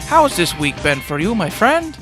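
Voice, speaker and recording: A man's voice: high voice, sing-song, unhurried, music in the background, voice pushed up. Man doing a twangy old prospector voice. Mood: hammy. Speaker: podcast host.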